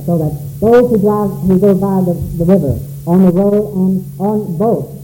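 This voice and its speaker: A man's voice: sits high, warm tone, echoey room, low-quality recording. A man preaching a sermon in a church, calling out questions dramatically to the congregation. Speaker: pastor.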